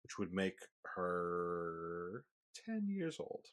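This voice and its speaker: A man's voice: low voice, sing-song, drawn-out words. A man in his forties co-hosting a podcast, laid-back in casual chat with short reactions. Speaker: podcast co-host.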